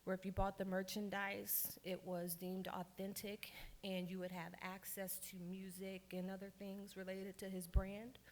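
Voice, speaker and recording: A woman from Baltimore leading a lively, interactive workshop in a conference room, urging the audience to cheer and answer. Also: mid-range voice, normal speed. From Baltimore, Maryland. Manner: lively, hypes the audience with calls for applause. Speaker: workshop speaker. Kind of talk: energetic interactive workshop talk.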